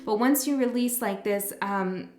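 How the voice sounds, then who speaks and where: A woman giving a casual tarot reading, talking gently and rambling, correcting herself as she goes. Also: medium pitch, a little slow. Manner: gentle, rambling, self-correcting, soft laughs. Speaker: tarot reader. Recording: echoey room with faint music.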